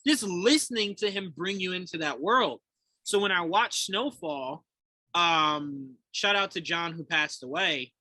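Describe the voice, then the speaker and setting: A man co-hosting a podcast in casual chat, animated and laughing often, acting out quotes as he talks. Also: high voice, measured pace, no room sound, low-quality recording. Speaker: podcast co-host.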